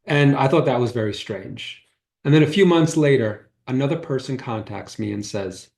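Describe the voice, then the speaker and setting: A man speaks at a normal speed in a medium-pitched, darkish voice with vocal fry. As a holistic healer giving a spiritual talk, he tells personal stories conversationally, voicing quoted dialogue, in a room with a roomy echo.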